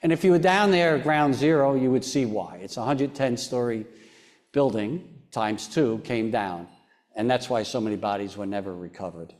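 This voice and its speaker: A man, a foundation chairman interviewed on stage, telling a personal story in an earnest, halting way, often restarting and sometimes dropping very quiet. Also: medium pitch.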